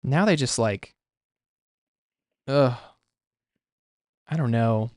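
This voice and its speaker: A man's voice: medium pitch, drawn-out words, no room sound, clean studio sound. A young man talking casually on a livestream while he sketches, rambling with lots of "like" and restarts. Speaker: artist streaming.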